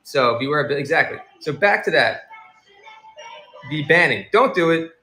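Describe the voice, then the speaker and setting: A man hosting a casual live stream as a seller, talking in a rambling, animated way and acting out the people in his stories. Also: fairly high pitch, normal speed, roomy sound, faint music behind. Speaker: livestream seller and host.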